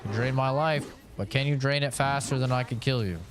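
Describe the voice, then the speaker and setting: A man's voice: medium pitch, fairly quick, noisy background. A man streaming a video game, joking sarcastically and swearing freely as he plays. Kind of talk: casual gameplay commentary.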